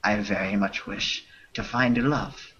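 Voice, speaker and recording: A man's voice: lowish voice, steady tone, unhurried, fairly bright tone. A man voicing a woman spam writer in a fake French accent, reading broken English aloud. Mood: hammy. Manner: broken English, read out with laughs. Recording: muffled lo-fi livestream audio.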